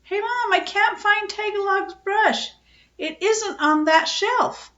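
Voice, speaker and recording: A woman voicing an eager young boy who makes excuses, with a raised, bright voice. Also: high voice, sing-song, normal speed, roomy sound, dull audio, voice pushed up.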